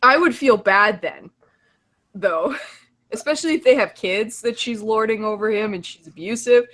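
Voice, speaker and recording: A fairly high-voiced woman co-hosting an online talk show. She laughs constantly and swears freely through rude, casual banter. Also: moderate pace, fairly bright tone. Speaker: podcast co-host.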